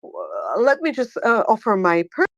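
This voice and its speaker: A woman hosting a live online audio chat, talking haltingly with many filler sounds and growing excited. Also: fairly high pitch, no echo, highs cut off. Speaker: host.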